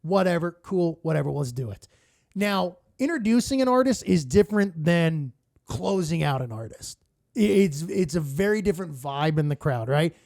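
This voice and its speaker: A radio co-host tells stories as a podcast guest, and his voice sits high with a gravelly rasp running through it. He talks in an animated, profane way and acts out other people's quotes as he goes. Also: moderate pace. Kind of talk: casual storytelling.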